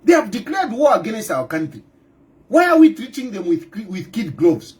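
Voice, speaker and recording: A middle-aged man with a Zambian accent speaks in a strikingly high voice that leaps up and down. He repeats his points over and over as he fires rhetorical questions. Now and then he breaks into a loud outburst. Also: huge pitch swings, moderate pace. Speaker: opposition party leader. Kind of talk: impassioned political monologue.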